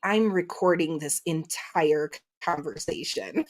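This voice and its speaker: A woman's voice: on the low side, takes it slowly. A woman, likely in her thirties, telling a story in casual chat, acting out quotes and swearing freely. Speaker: guest.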